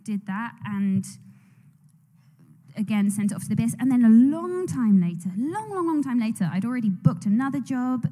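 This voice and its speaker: A young woman tells a meandering story on a panel stage, her voice mellow and soft-edged. She laughs easily and trails off mid-sentence. The sound carries a long reverb from a large hall. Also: fairly high pitch, sing-song, moderate pace. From England. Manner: rambling, laughs often, trails off and restarts. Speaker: actress on a convention panel. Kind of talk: casual storytelling. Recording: echoey convention hall on a mic.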